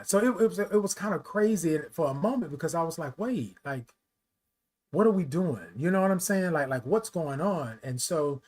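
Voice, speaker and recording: A man hosting a talk show, telling a personal story with emphatic, conversational delivery and speech. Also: on the high side. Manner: emphatic storyteller, addresses listeners as y'all, rises loud when telling the climax. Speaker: host.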